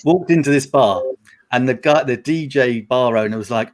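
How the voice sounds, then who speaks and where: A man's voice: mid-range voice, normal speed. A middle-aged man from England, chatting on a live panel and telling anecdotes with frequent laughter. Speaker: panel guest. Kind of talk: casual chat.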